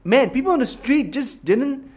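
A man with a Singaporean accent talks casually and candidly, stumbling over restarts and swearing as he goes. He sounds animated and unguarded, like a co-host telling stories from his younger days. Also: extremely high pitch, moderate pace, slightly rough. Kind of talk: casual chat.

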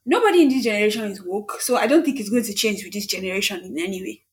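A woman's voice: medium pitch, animated, racing. A young woman from Nigeria, co-hosting a casual podcast chat, emphatic and repeating her points for stress. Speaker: podcast co-host.

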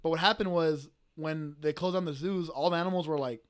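A man's voice: a little high, fairly quick, clean tone. An American man co-hosting a podcast, telling stories in casual banter and laughing often. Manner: animated storyteller, acts out voices, laughs often. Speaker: podcast co-host. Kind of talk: casual banter among friends.

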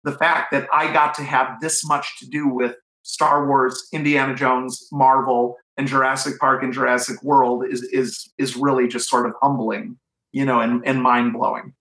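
Speaking at a moderate pace with medium pitch and little variation, this man's slightly bright voice echoes in a room on poor-quality audio. A middle-aged writer from Cleveland, he tells lively stories during an interview. He frequently restarts sentences and leans on fillers.

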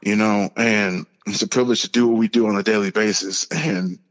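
A young man, a podcast guest, telling a personal story in an earnest, halting way with many fillers and restarts. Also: lowish voice, fairly even intonation. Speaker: podcast guest, pro football player. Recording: lo-fi with long reverb.

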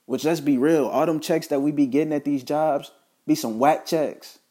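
A man's voice: on the high side, steady tone, normal speed, warm tone. A man talking straight to the camera in a casual motivational monologue, repeating himself and restarting phrases as he preaches to his listeners. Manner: repetitive, stumbling restarts, preachy asides.

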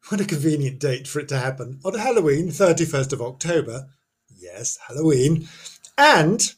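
A man's voice: medium pitch, slightly rough. A man telling a local ghost legend in a chatty, playful way, full of theatrical asides and exclamations. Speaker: folklore storyteller. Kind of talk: casual folklore storytelling.

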